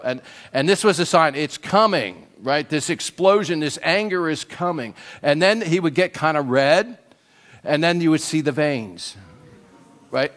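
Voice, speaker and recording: Older male pastor, lively animated sermon delivery, fairly high voice. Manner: animated storytelling, keeps asking "right?".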